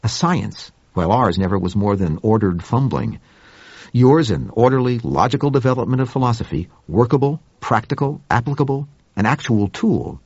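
A man playing a grave, courteous middle-aged man who speaks quietly and earnestly, in an audiobook reading. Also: medium pitch, expressive, normal speed, breathy edge, no echo, muffled recording.

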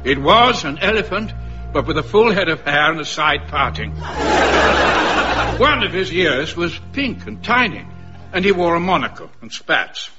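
A man narrating as a woeful, pompous Victorian gentleman in a comic radio play, melodramatic and lamenting. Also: a little high, sing-song, normal speed. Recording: dull lo-fi recording with music.

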